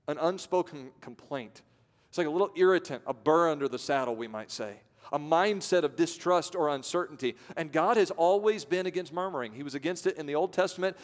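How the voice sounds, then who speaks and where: Male pastor, slightly high voice, dramatic loud-to-hushed sermon delivery, long hall reverb.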